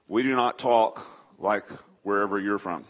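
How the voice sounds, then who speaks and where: A man's voice: fairly low pitch, normal speed. A man from southeast Texas preaching a sermon with a faint East Texas Southern accent, folksy and chatty, asking the congregation questions. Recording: dull lo-fi sound.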